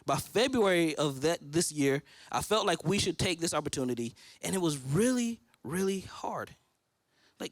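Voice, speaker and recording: A man's voice: sits high, animated, normal speed, no echo. A man in his thirties preaching a sermon from a church stage, telling his own story and acting out his prayers. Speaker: pastor.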